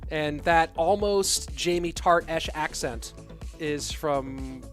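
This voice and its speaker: Male esports caster, higher voice, chatty stream host, light music under. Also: takes it slowly. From California. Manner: chatty, reads chat questions aloud. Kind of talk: live esports commentary.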